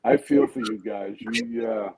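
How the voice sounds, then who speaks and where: Middle-aged Boston man, gravelly and animated, crude easygoing humor. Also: medium pitch, unhurried, a crowd in the background. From Massachusetts, USA. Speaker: stream guest. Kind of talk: casual chat.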